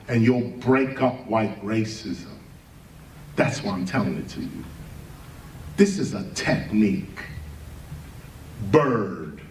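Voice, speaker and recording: Animated man lecturing in a roomy space. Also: mid-range voice, a little hiss or hum. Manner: emphatic, rhetorical questions, spells out words letter by letter. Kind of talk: spoken lecture to an audience. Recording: roomy, distant mic, faint background ambience.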